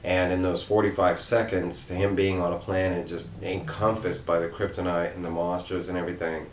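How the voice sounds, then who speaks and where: A very low-pitched man talks through a comic book review in a loose, rambling way, full of fillers and restarts. His voice stays flat and level, and it carries a roomy echo with faint noise behind it. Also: moderate pace. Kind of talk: casual unscripted review.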